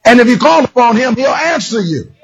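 A man preaching a sermon as pastor, with a raspy voice and animated call-and-response delivery. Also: very high-pitched, brisk.

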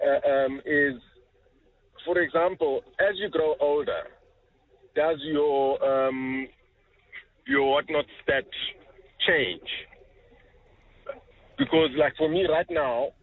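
A man's voice: on the high side, steady tone, slow, pauses often. A man calling into a radio show, rambling and hesitant, full of fillers. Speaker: caller. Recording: phone line.

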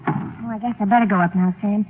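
An actress playing a gentle, scared young working woman who stammers and hesitates, in 1940s radio acting. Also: mid-range voice, fairly even intonation, fast, noisy background, lightly acted. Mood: dutiful. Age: young adult. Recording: tinny old radio broadcast, faint music.

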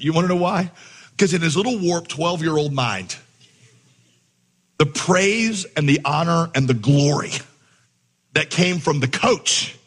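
A man, a pastor, telling a lively coaching story within a sermon, acting out the voices and laughing along. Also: a little high, husky. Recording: long hall reverb.

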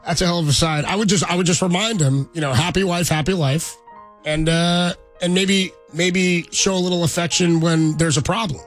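A man's voice: on the high side, normal speed, faint music behind. A man hosting a sports radio show, reading listener letters and laughing in easygoing banter.

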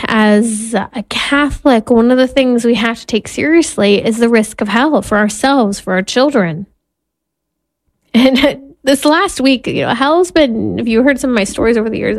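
A woman in her thirties, a Catholic mother, telling a candid personal story in an earnest way and laughing at herself now and then. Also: on the high side. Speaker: Catholic mother and podcast host.

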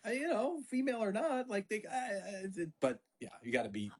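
A man's voice: high-pitched, a little fast, slightly rough. A middle-aged man, a sports media guest, chatting casually and acting out family quotes as he tells stories. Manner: animated storyteller, acts out family quotes. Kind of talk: casual podcast chat.

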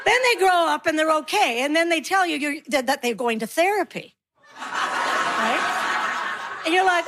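Woman, high-pitched, middle-aged, stand-up comic, animated storytelling. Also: moderate pace, long pauses, noisy background. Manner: animated storytelling, acts out her kids and herself. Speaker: stand-up comedian. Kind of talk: stand-up comedy routine.

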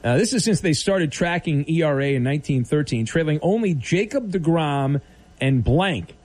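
A man's voice: on the high side, expressive, moderate pace, darkish tone. A man hosting a late-night sports radio show, teasing callers in a playful, mock-serious way.

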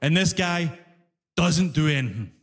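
A young man who moved to Toronto, doing a stand-up comedy set and telling an animated story with acted-out voices. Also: on the high side, unhurried. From immigrant living in Toronto. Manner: animated storytelling, acts out quoted voices, laughs often. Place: comedy venue with audience. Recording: live hall reverb, faint ambience.

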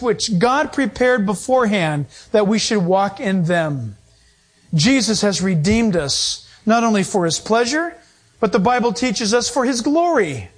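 A middle-aged male pastor preaching a sermon, emphatic and animated, acting out quoted voices. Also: extremely high pitch.

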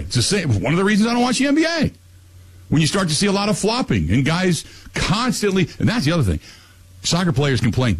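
Husky radio host, animated. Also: male voice. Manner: animated, ranting, voice climbs high when worked up. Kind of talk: casual radio talk and rant.

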